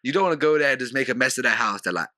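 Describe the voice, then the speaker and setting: Animated young man telling stories. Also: medium pitch, racing, dry recording, studio quality. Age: young adult. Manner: animated storyteller, mimics housemates. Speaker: podcast guest. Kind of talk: casual podcast chat.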